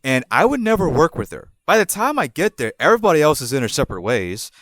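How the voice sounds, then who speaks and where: A man's voice: a little high, big pitch swings, fast, a bit bright, no room sound. A man in his twenties hosting a podcast, telling a personal story casually, rambling with repeated words and laughing at himself. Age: 20s. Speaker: podcast host.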